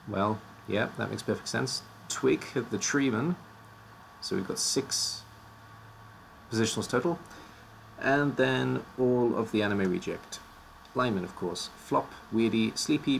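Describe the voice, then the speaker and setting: A man's voice: on the low side, gravelly, slight background noise. A man casually presenting teams on a live stream, his voice slightly worn out, joking and stumbling over odd names.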